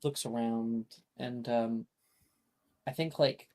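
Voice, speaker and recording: Slow, halting game master on a call. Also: medium pitch, steady tone, dark tone. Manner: unhurried, filler-heavy narration. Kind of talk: narrating a tabletop game. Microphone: video call.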